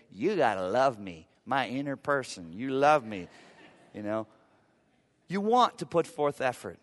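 A male pastor delivering a conversational, emphatic sermon with humor and repetition. His voice sits a little high for a man. Long church-hall reverb trails each phrase. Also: a bit bright. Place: church sanctuary.

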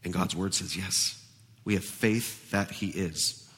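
A man pastor preaching a sermon, animated and emphatic, in a church with a long reverb. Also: low-pitched, takes it slowly, slightly rough.

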